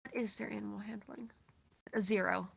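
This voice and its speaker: A woman playing in a tabletop game, describing her character in a playful, unhurried way. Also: mid-range voice, fairly even intonation, vocal fry, breathy edge, dry recording. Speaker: player.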